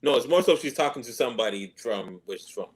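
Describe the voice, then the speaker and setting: A man co-hosting a casual wrestling podcast, animated and playfully pushing back on the others. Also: medium pitch, fast, husky. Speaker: podcast co-host.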